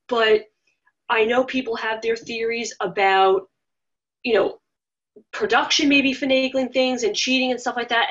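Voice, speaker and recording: Chatty woman guest who rants and acts out quotes, slightly muffled audio. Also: mid-range voice. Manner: rambling, animated, acts out quoted voices. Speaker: interview guest, former reality show contestant. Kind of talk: casual interview talk.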